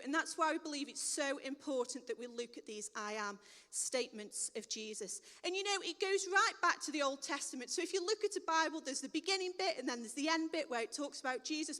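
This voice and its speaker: Bright high woman preaching. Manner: conversational, plain-spoken, self-correcting. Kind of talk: sermon. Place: church hall. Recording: long hall reverb.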